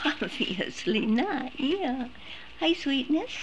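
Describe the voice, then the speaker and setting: Slow, bright-voiced woman cooing at puppies. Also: a little high, animated, slight background noise. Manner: coos in baby talk to puppies. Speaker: service dog puppy caretaker streaming a litter. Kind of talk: casual live stream chat. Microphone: phone.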